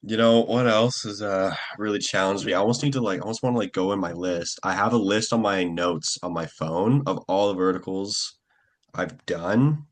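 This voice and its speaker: Rambling low-voiced young man. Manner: relaxed, rambling, lots of fillers and quick acted-out quotes. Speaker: actor being interviewed. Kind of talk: casual interview chat.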